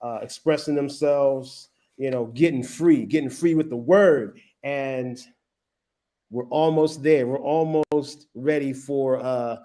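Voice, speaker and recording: A man hosting a youth poetry slam, shouting out poets and hyping the crowd with lots of fillers. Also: medium pitch, takes it slowly. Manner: energetic hype with many fillers. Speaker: host. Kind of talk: hyped event hosting.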